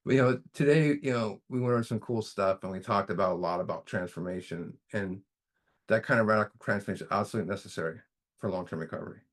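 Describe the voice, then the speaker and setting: A man's voice: fairly low pitch, fast. A man leading a recovery study group in a casual teaching manner, folksy, often repeating himself and saying "you know".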